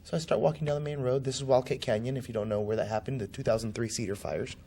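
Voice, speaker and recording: A man's voice: mid-range voice, fairly even intonation, quick pace, warm tone. Man telling a personal story. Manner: vivid, acts out quoted voices. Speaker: political candidate interviewed.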